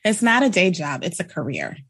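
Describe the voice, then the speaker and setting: A woman co-hosting a beauty podcast, chatting casually with a slightly husky, breathy tone. She laughs often and cuts in to correct her partner. The sound is close and dry, with no room echo. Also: fairly low pitch, huge pitch swings, brisk, fairly bright tone. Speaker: podcast co-host. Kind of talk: casual chat.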